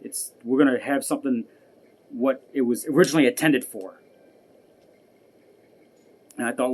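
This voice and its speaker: A man's voice: medium pitch, steady tone, moderate pace, pauses often, a little mellow. A man vlogging an angry personal rant, profane and heated, repeating himself as he goes. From United States.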